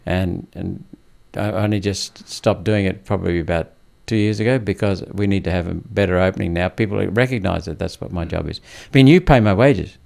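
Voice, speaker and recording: A man's voice: low-pitched, a little fast, gravelly, hardly any pauses, darkish tone. A man born in India, a senator speaking as a podcast guest, blunt and emphatic in casual interview talk.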